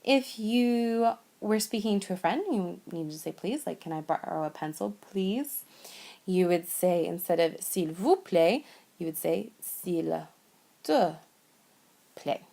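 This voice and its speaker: A woman walks a learner through a whiteboard lesson at an unhurried, deliberate pace. Her voice carries some vocal fry as she patiently repeats each phrase, pausing between words. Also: lowish voice, warm tone. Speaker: French teacher.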